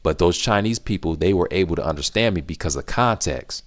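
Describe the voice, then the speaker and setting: A middle-aged man with a low voice talks straight to his viewers, answering their questions. He leans on repetition, saying key phrases again and again for emphasis. The delivery is casual and earnest, like advice given to a friend. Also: a little fast. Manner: emphatic, repetitive, animated when acting out reactions. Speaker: language-learning channel host.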